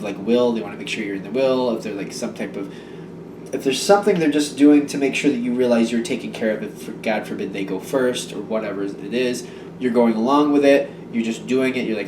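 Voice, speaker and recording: A man's voice: medium pitch, noisy background. A man giving a casual tarot reading, rambling and hesitant, with many fillers and restarts. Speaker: tarot reader. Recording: echoey room, voice from a distance.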